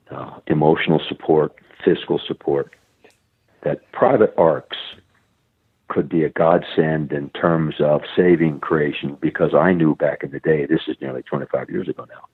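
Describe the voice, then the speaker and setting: A man's voice: very deep voice, slightly rough, no room sound. A middle-aged American man telling a long story as an interview guest, often repeating his words. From United States. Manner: repeats words often, acts out quoted voices. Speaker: guest, conservation biologist. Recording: phone-like narrow band, dry.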